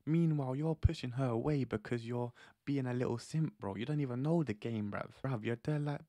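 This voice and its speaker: A young man giving dating advice as a vlogger, talking in a brash, animated, slangy way and laughing often. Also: medium pitch, a little fast, hardly any pauses, no echo. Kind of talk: casual slangy monologue.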